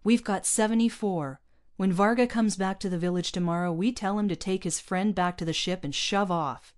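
A woman reading aloud, voicing an angry male colonist farmer who shouts his defiance in a raised, heated voice. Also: medium pitch, moderate pace, voice pushed up, close to an everyday voice. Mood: eager.

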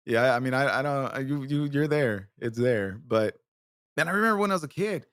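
A man's voice: mid-range voice, lively intonation, fairly quick, a bit bright, clear, resonant tone, no room sound, clean studio sound. A man hosting a show, telling comic stories in a rambling, profane way with many restarts. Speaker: show host. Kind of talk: comedic storytelling.

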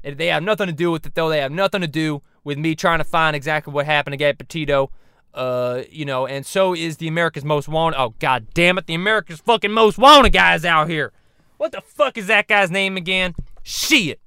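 A man's voice: on the high side, a little fast, sharp tone, no echo, clean studio sound. A man doing a parody impression of a profane, hot-headed bounty hunter who rants and swears. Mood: ranting. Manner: gruff, swearing, bullying rants. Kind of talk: parody voice acting.

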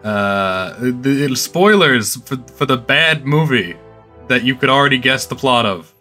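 Wry bright-voiced male podcast host. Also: mid-range voice, animated, measured pace, faint music behind. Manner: dry, hesitant, wry. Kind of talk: casual podcast chat.

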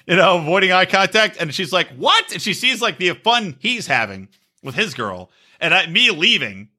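Animated, bright-voiced man telling crude stories. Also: high-pitched, normal speed. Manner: storytelling, crude jokes, acts out quoted voices. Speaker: podcast co-host. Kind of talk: casual chat.

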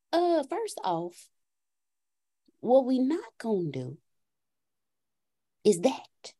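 High, mellow-voiced woman telling a story. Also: breathy edge. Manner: animated, acts out her son's and her own lines. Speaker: podcast participant sharing a story. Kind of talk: casual storytelling in a group call.

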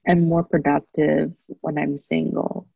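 A woman sharing her view in a casual group discussion, thoughtful and filling pauses with "you know" and "like". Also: sits low, flat delivery, vocal fry, breathy edge, no room sound, narrow, tinny audio. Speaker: discussion participant.

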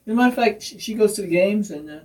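Man, high voice, joking co-host, crude one-liners, distant mic. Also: racing, darkish tone, a little hiss or hum. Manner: wisecracking, chimes in with crude punchlines. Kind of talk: joking talk show banter.

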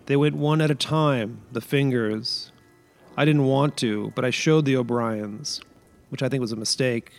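A man reading a short story aloud, voicing a shaken, soft-spoken neighbor man who is losing his fingers. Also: mid-range voice, unhurried, gravelly, faint music behind. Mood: pleading.

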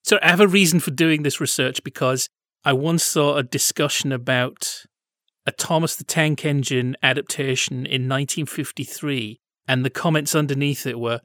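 A man co-hosting a podcast, chatting casually and with nerdy enthusiasm about old television, quick to laugh. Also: mid-range voice, fairly even intonation, fairly bright tone, dry recording, clean studio sound. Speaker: podcast co-host.

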